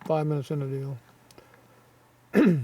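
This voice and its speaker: A man with a scratchy throat rambles through viewer comments, offhand and gruff, muttering asides as he goes. His voice is mellow yet sits a touch high. He sounds slightly distant from the microphone. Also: slow pace. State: scratchy throat, frequent throat clearing. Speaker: channel host reading viewer comments.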